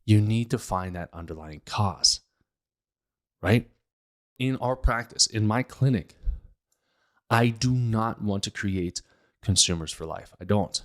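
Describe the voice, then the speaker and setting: Hosting his casual health podcast, a Pittsburgh man who works as a health practitioner speaks slowly in a lowish voice with long pauses, emphatic and full of rhetorical questions.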